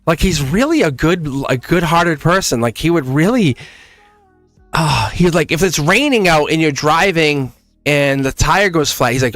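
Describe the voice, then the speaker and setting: A man's voice: a little high, animated, moderate pace, fairly bright tone, dry recording, faint music behind. A middle-aged man hosting a live tarot stream in casual chat, rambling, laughing often and saying "like" constantly. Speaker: tarot reader and livestream host.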